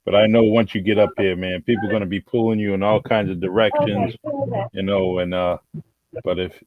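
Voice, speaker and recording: A man hosting a podcast who asks questions in a friendly, easygoing way, often pausing with fillers. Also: fairly low pitch, flat delivery. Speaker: podcast host. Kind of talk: casual interview chat. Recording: lo-fi audio with crowd noise behind.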